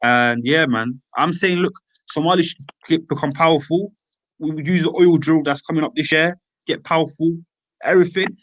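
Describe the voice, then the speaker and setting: A young man in casual chat, animated and slangy, stacking filler tags. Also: fairly high pitch, moderate pace, no echo. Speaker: open mic speaker.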